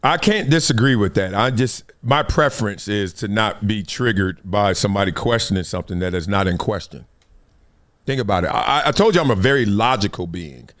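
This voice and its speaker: A man in his fifties hosting a talk show, telling stories in a casual, animated way and acting out other people's lines. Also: on the low side, brisk. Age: 50s. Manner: animated storytelling, acts out quoted voices, frequent laughs. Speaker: show host.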